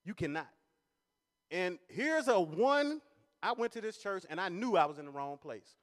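A man doing animated stand-up comedy at a church service, laughing at his own jokes as he tells stories. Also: sits high, normal speed. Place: large church hall. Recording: long reverb of a large church hall.

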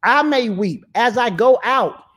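High-voiced male pastor preaching. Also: lively intonation, measured pace, a bit bright. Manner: preaching with rising emphasis and repetition. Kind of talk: sermon.

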